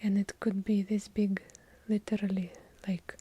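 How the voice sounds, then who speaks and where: A woman with a heavy Russian accent doing whispered ASMR, with dry, deadpan joking asides. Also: mid-range voice, measured pace, slightly rough, dry recording. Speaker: ASMR creator. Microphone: handheld recorder up close.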